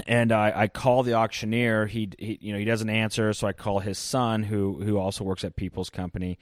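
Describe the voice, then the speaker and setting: Man, Midwestern accent, lowish voice, dry close mic, easygoing storyteller. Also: a little mellow, no echo. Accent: Midwestern American. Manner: easygoing, laughs through his stories. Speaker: podcast guest, land sales manager. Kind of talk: casual storytelling chat.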